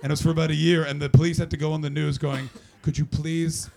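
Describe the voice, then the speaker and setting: A man from Canada doing stand-up crowd work on a club stage, brash and profane, mocking the audience with quick banter. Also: fairly high pitch, little pitch movement, gravelly, a little hiss or hum. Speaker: stand-up comedian. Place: comedy club stage before a live audience. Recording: live club with loud crowd. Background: audience laughter.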